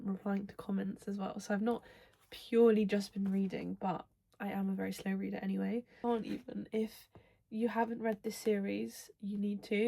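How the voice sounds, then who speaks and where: Gushing young woman, mellow husky voice. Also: mid-range voice. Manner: gushing, excitable, breaks into whispers. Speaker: book vlogger. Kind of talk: casual reading vlog chat.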